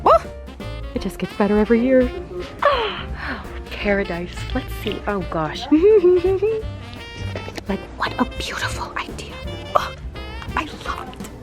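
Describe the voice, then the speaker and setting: A young woman chats through a casual vlog, gushing and excitable and quick to gasp and giggle. Her pitch swoops widely from low to high, and music plays clearly underneath. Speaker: lifestyle vlogger.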